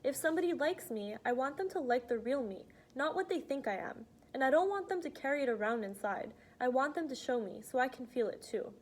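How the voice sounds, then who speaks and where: A woman reading aloud as an earnest, frank teenage girl who talks softly but insistently. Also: high-pitched, lively intonation, a little fast, few pauses. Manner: earnest, pleading, soft-spoken. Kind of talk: audiobook reading.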